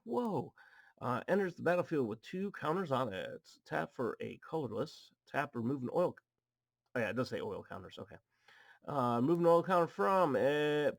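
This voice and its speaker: Gravelly-voiced guy chatting over card packs. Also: medium pitch. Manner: chatty, reads card text aloud with goofy asides. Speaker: card pack opening host. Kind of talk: casual chat while opening cards. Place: home apartment.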